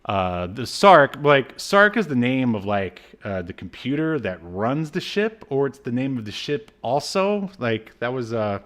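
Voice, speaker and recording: A man of ordinary pitch co-hosts a casual podcast, talking through an old cartoon's plot. He rambles loosely, leaning on "uh" and "um", and drops dry, wry asides along the way. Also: sing-song, a little slow, few pauses, fairly bright tone. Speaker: podcast co-host. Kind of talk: casual chat recapping a cartoon.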